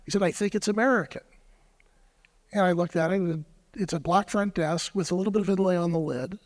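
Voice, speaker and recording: A man, an antiques dealer, telling a story on a discussion panel, with fillers and clearing his throat. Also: high-pitched, brisk. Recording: long reverb of a large hall.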